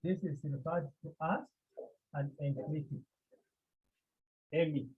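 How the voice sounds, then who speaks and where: A man teaching a Greek grammar class, talking slowly and repeating key points with many pauses. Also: on the high side, fairly even intonation, breathy edge. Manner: slow, repetitive, with many pauses. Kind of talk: online language lesson. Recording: tinny phone-like line.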